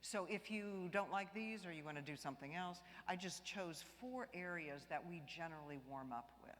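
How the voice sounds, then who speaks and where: A woman choir director leading a live vocal warm-up workshop, demonstrating exercises by singing and encouraging the group with light jokes. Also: on the low side, moderate pace, a little hiss or hum. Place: large church. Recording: long church reverb.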